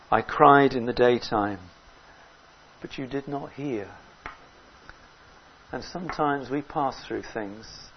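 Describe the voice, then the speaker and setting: A man preaching a sermon in an earnest way, rising loud on key words and dropping low between them. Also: dull audio, a little hiss or hum.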